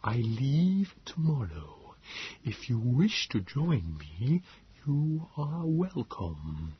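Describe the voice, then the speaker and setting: A man voicing an enigmatic male Morlock who speaks in a slow, hushed near-whisper. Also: a little high, very animated, highs cut off, a little hiss or hum, voice pushed up, heavily acted. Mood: hushed, grave. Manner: very slow, measured speech.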